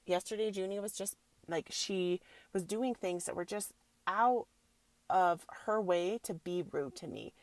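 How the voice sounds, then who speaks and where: Chatty gravelly-voiced woman podcaster. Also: fairly low pitch, measured pace, no echo. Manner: chatty, lots of filler likes, addresses listeners as soul sisters. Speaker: podcast host, yoga teacher. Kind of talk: spiritual self-help podcast chat.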